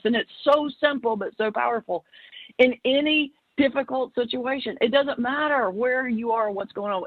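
A woman who is a minister and comedian, telling a story in an interview in a playful, animated way. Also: a little high, no echo. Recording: dry, slightly muffled remote audio.

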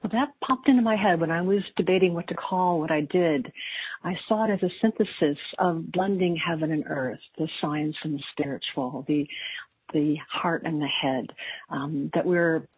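A woman answering interview questions thoughtfully, pausing with ums. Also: deep voice, breathy edge, dry recording. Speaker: guest astrologer. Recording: tinny phone-like line.

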